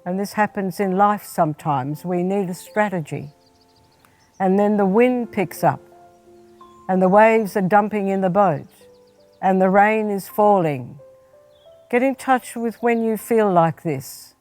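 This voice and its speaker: A woman, a spiritual director, gently leading a guided prayer meditation and speaking straight to the listener. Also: mid-range voice, soft background music. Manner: gentle, unhurried, second-person guidance.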